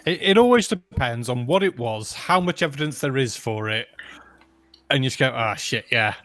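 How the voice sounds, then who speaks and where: A man co-hosting a casual podcast, telling animated stories and acting out quotes. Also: mid-range voice, moderate pace. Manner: animated storyteller who acts out quotes. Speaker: podcast co-host. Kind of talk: casual chat.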